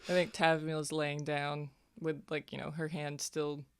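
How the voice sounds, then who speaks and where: A player in a tabletop game, talking in a relaxed, casual way. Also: medium pitch, moderate pace, clean tone.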